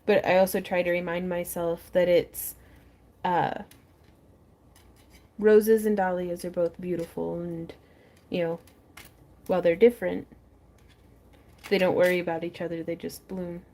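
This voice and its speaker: Fairly low in pitch and warm, with little pitch movement, the woman speaks unhurriedly and leaves long pauses. She chats casually while crafting on a livestream from her front porch, reading viewers' comments aloud as greetings and laughing often. Her voice is close-miked.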